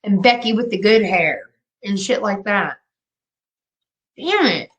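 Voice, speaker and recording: A woman in her fifties, with a mid-range voice and a moderate pace, hosts a live stream and talks directly to her chat. She's brash and profane, taunting her viewers while drinking as she goes. The recording sounds muffled.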